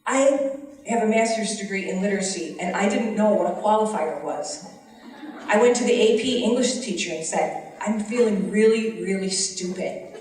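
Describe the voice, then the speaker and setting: A woman's voice: medium pitch, normal speed, darkish tone. A middle-aged woman with a Western New York accent, a teacher giving earnest public testimony at a hearing. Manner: earnest, pleading, voice rising with emotion. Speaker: special education teacher testifying. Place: large hall, heard from a distance. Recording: echoey hall, mic far off.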